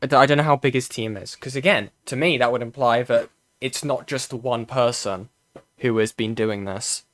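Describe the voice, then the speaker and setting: A young British man reacts to videos on a stream in loose, rambling talk, swearing freely and tripping over his own restarts. His voice sits at an ordinary middle pitch. The sound is dry and close, with no room around it. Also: normal speed, fairly bright tone, no room sound. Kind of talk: casual reaction commentary.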